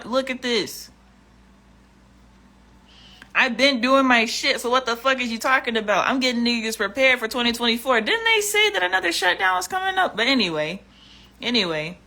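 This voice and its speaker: Woman vlogger, bright forceful tone, blunt and profane. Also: a little high. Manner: blunt and profane, exasperated, repeats herself. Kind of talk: casual livestream rant.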